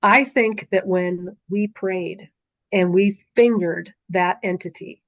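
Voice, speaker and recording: A woman's voice: mid-range voice, slow, dry recording, dull audio. Middle-aged woman telling a vivid story. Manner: vivid storytelling with frequent "like" and "um" fillers. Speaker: podcast guest, author and speaker. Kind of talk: recounting a dream in conversation.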